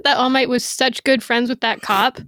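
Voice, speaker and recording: A woman co-hosting a casual chat, chatty and quick to laugh. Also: a little high, fairly even intonation, fairly bright tone, no echo, studio quality. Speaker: co-host.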